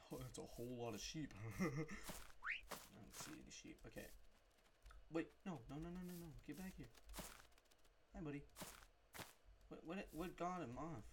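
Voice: mid-range voice, noisy background. A gamer giving jumpy, unscripted let's-play commentary while talking to the game.

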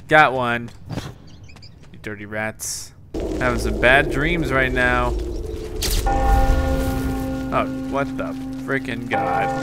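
A young man giving jokey let's play commentary, yelping and shouting at the game. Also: medium pitch, background noise. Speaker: gaming YouTuber.

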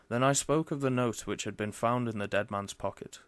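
Guy narrating an old detective story, measured and formal, mid pitch, dry close sound. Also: dry recording. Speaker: audiobook reader. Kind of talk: scripted narration.

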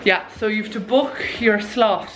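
A woman's voice: mid-range voice, a little slow, a bit bright, a little hiss or hum, low-quality recording. A young Irish woman in her twenties, rambling chattily to her phone camera in a casual vlog. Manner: chatty, rambling, says "lads" and "like" a lot. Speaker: vlogger. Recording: faint music underneath.

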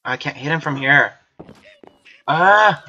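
In slightly dull lo-fi audio, a woman gamer provides let's play commentary, chatting to herself and yelling and swearing when she gets a fright. Her voice is low, expressive, sharp in tone and a bit fast.

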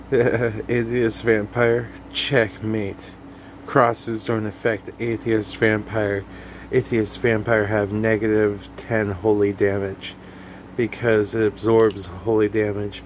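A man's voice: on the low side, a little hiss or hum. A young man hosting a comedy video, rambling through memes in a goofy, self-mocking way. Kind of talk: casual meme commentary.

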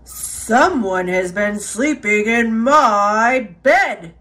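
A woman doing a booming gruff papa polar bear. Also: animated, very slow, bright, forceful tone, full character voice. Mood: bellowing. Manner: booming, roaring.

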